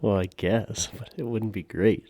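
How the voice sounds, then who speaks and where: A man's voice: lowish voice, steady tone, a little slow, mellow. A man co-hosting a podcast in casual chat, laid-back and profane, laughing often. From Canada. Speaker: podcast co-host.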